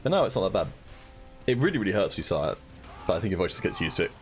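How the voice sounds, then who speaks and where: Playful low-voiced male streamer. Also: very animated, very fast, faint music behind. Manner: playful, laughs often. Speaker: streamer and co-host. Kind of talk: casual live-stream chat.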